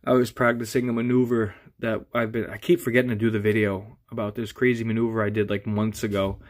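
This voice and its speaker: A man's voice: lowish voice, level tone, fast. A man with a stuffy nose giving a casual, rambling update on his drone gear, full of fillers and restarts. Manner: rambling, filler-heavy, restarts mid-sentence. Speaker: FPV drone hobbyist vlogger.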